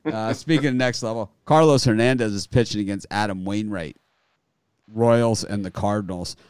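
A man's voice: lowish voice, moderate pace, smooth, no echo. A man hosting a casual sports betting podcast, ranting and laughing often. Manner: animated, laughs a lot, rants. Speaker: podcast host.

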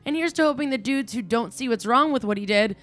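A woman with a somewhat high voice tears through a scripted comedic rant. She sounds brash, profane and cutting. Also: fast, a bit bright, dry recording, soft background music. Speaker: resident commentator.

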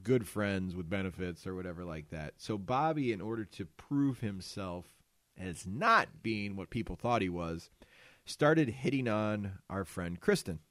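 A male podcast co-host tells stories in a casual chat, animated and profane. His voice is fairly low and unhurried, recorded in clean studio sound with no room sound.

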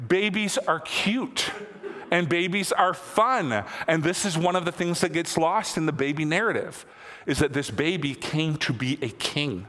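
A man in his thirties delivers a sermon with a bright, forceful voice pitched a little high. He talks conversationally, repeats phrases for emphasis and climbs to excited peaks. The sound carries a long reverb from a church hall. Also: moderate pace. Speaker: pastor.

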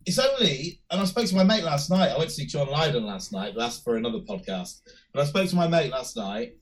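A man with a croaky voice from a cold, chatting at length on a podcast with many restarts. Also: medium pitch, rough recording. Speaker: podcast co-host. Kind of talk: casual podcast chat.

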